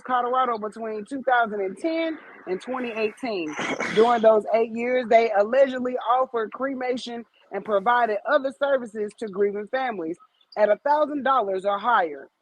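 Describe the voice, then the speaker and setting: A woman's voice: a little high, rough recording. A woman co-hosting a comedy podcast, reading news stories aloud with blunt, profane, chatty commentary. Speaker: podcast co-host.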